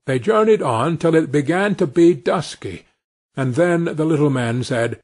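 A man reading a fairy tale aloud as storybook narration for English learners, expressive and clear in delivery. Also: on the high side, measured pace.

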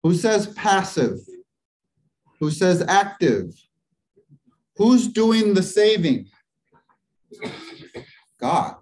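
A man leads a church Bible class at an unhurried pace. His voice sits a bit high for a man. He quizzes his listeners as he goes and breaks the Greek grammar into small steps. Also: big pitch swings, darkish tone, rough recording. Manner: asks the class questions and waits for answers; explains Greek grammar step by step.

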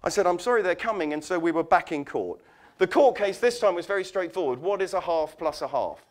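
Guy on stage, high voice, lively storyteller doing little voices for people. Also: a little fast. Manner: animated, acts out quoted voices. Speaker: conference speaker. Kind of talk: storytelling keynote talk.

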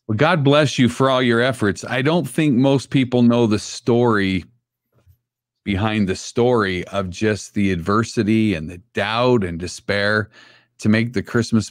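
A man's voice: lowish voice, a little slow, no echo, clean studio sound. A man hosting an interview, thanking his guest and pointing viewers to the charity. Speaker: show host.

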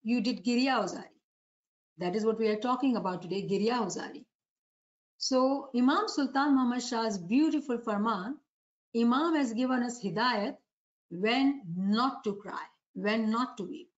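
Woman preacher, high voice, muffled recording. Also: normal speed. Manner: asks rhetorical questions to the audience. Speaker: religious preacher. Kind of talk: devotional sermon lecture.

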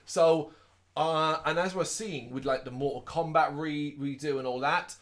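A man co-hosting a podcast, chatting casually and recapping a movie in an animated way, with quick asides in put-on voices. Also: a little high. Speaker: podcast co-host. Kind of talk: casual movie review chat.

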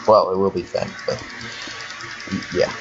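Low-voiced young man chatting over a game. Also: little pitch movement, a little slow, music in the background. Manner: chatty, swears and laughs often, talks to himself. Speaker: let's player. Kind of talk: casual gameplay commentary. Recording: dull lo-fi home recording with faint hiss.

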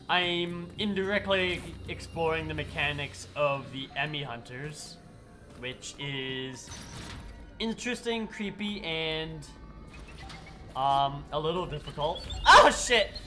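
A man's voice: on the high side, lively intonation, slow, soft background music. A man streaming a game live while sick, chatting to viewers and swearing at the game. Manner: swears and yells at the game, chats with chat. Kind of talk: live gameplay commentary.

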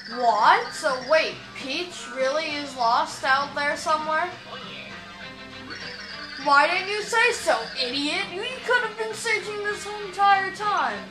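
Girl doing a bratty monster king, shouty and whiny, high voice, game music going and a roomy echo. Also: slow pace. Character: blustering hot-tempered male turtle-monster king.

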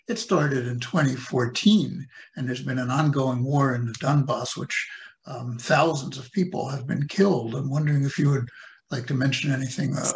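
Male co-host, gravelly voice, hesitant, filler-heavy questioning. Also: mid-range voice. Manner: halting, many fillers. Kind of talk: interview question.

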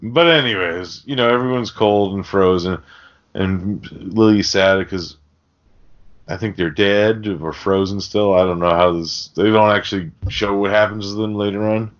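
Deep-voiced man, swearing through a rambling recap. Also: moderate pace. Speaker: podcast host. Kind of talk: casual chat. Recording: dull lo-fi podcast audio.

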